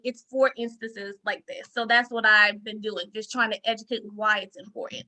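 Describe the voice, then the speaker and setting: Bright-voiced woman insurance broker. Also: fairly high pitch, normal speed, hardly any pauses, low-quality recording. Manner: animated storyteller, acts out quoted lines with emphasis. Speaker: insurance broker, podcast guest. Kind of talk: casual interview talk.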